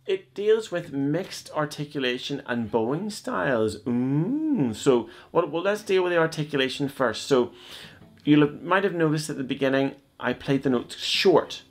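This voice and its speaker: A man's voice: on the high side, lively intonation, unhurried. A man teaching cello in a video lesson, explaining step by step in a chatty, joking way.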